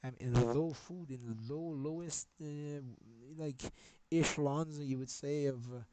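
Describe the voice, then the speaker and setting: A man's voice: a little high, fairly even intonation, unhurried, background noise. A man streaming, talking in a rambling, agitated monologue with a lot of swearing.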